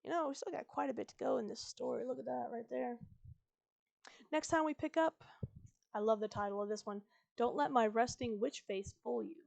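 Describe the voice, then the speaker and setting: A woman's voice: a little high, a little fast, vocal fry, a little mellow. Chatty woman reading a novel aloud on a stream. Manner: chatty, self-correcting. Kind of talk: live-streamed book reading.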